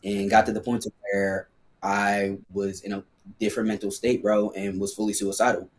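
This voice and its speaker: A man's voice: on the low side, little pitch movement, moderate pace. A man guesting on a podcast, telling a personal story in a casual, slangy way full of fillers.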